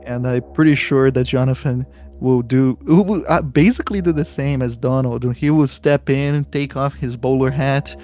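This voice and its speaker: Dude playing a tabletop game, chatty and giggly, faint music behind. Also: male voice, medium pitch, a little mellow. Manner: chatty, laughs often. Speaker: player.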